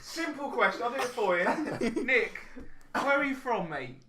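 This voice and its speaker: A podcast co-host reacting loudly and incredulously, laughing through the chat. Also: mid-range voice, expressive, normal speed, echoey room, a little hiss or hum. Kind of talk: casual chat.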